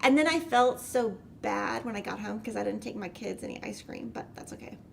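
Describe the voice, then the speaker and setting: A woman's voice: mid-range voice, expressive, brisk, creaky, a little hiss or hum. A middle-aged woman, hosting and rambling through a casual story, with lots of "like" along the way. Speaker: host.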